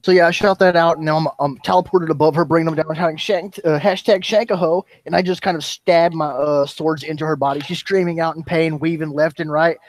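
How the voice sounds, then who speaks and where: A man's voice: on the high side, fairly even intonation, quick pace, hardly any pauses, no echo. A young man playing a tabletop game, hesitant at first, then describing his moves vividly. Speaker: player.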